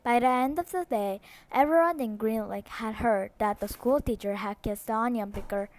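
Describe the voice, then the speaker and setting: A woman's voice: a little high, normal speed, no room sound. Woman reading a novel aloud. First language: Korean. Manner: steady reading with small slips and restarts. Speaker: book reader.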